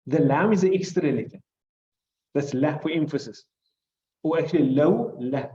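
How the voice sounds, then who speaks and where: A man with a South African accent teaches a class, patiently walking through grammar rules and repeating each point. His voice sits fairly high but has a mellow tone. The recording is dull and lo-fi. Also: normal speed. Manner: explains patiently, repeats key points, checks understanding with "right?". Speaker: Islamic studies teacher. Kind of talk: classroom lesson on hadith and Arabic grammar.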